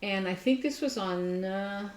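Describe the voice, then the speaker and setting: A woman co-hosting a casual crafting chat, telling a workplace story with lively asides and self-mocking laughter. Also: mid-range voice, measured pace. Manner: animated storyteller, laughs at herself. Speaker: podcast co-host. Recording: roomy echo.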